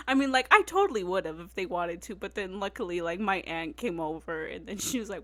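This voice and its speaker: A woman's voice: mid-range voice, lively intonation, brisk, a bit bright, no room sound. A woman hosting a casual chat podcast, telling a rambling story with many fillers and frequent laughter, sounding tired. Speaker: podcast host.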